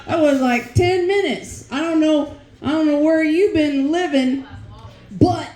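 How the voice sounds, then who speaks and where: A woman in her forties performing a bawdy stand-up comedy set, brash, with loud bursts of shouting and laughing. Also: high voice, a little slow. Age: 40s. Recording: roomy echo.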